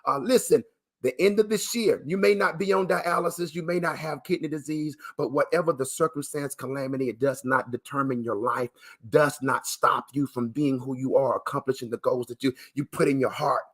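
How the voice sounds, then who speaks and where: A man's voice: medium pitch, steady tone, a little fast, a bit bright, husky. A man giving a motivational talk to dialysis patients on a live stream, speaking emphatically and in a repetitive, preacher-like cadence while addressing listeners directly. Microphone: live stream to viewers.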